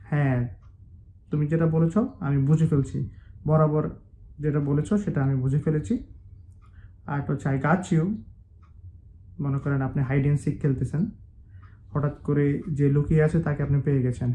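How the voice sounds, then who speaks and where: Quick-talking man. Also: fairly high pitch, steady tone, warm tone, a little hiss or hum. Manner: explains phrases by repeating them slowly, switching into Bengali. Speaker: English teacher. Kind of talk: casual language lesson.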